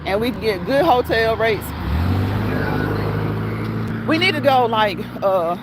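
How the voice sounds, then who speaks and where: A woman's voice: fairly high pitch, lively intonation, slow, heavy background noise. A woman hosting a casual livestream, reading chat comments aloud and laughing often until she cries. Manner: laughs often until crying, talks straight to viewers.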